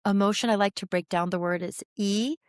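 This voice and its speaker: A woman in her forties, a therapist talking as a podcast guest, explaining with animated energy and frequent restarts. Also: medium pitch, a little fast, smooth, no room sound, clean studio sound. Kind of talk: podcast interview conversation.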